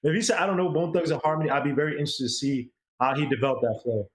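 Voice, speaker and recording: A man's voice: fairly high pitch, very fast, echoey room. A man co-hosting a casual music review, talking in a rambling, chatty way. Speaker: co-host.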